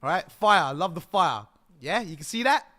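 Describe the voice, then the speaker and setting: A man chatting excitedly and swearing while live-streaming and showing off his game. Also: sits high, normal speed. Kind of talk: casual live-stream chat.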